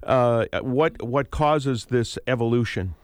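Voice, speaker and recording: A man hosting a public radio morning show, interviewing guests in a relaxed, hesitant way with many fillers. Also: mid-range voice, slow, clean tone, dry recording, clean studio sound. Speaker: radio host. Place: radio studio.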